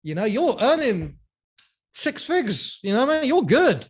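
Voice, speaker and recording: A man's voice: very high voice, sing-song, measured pace, breathy edge, no room sound, pitched above the performer's own voice, heavily acted. A man putting on the voice of his blunt, exasperated, risk-averse father who swears and scoffs. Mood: scoffing.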